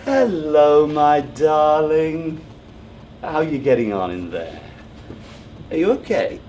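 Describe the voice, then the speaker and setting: A self-satisfied, controlling suitor, played by a man on stage, laying out his plans in a stage monologue. His voice swings up and down with lively emphasis and sits at an ordinary middle pitch. He talks in a smug, over-precise way that turns condescending. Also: normal speed, a little hiss or hum, close to an everyday voice. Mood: patronizing. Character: pompous, controlling, self-assured man proposing. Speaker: stage actor. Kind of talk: theatrical monologue. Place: theatre stage.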